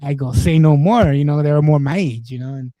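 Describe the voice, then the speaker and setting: A man's voice: fairly high pitch, a little fast, warm tone, dry recording, low-quality recording. A man in his forties from East Los Angeles, telling stories in casual streamer chat, rambling and swearing, with many restarts.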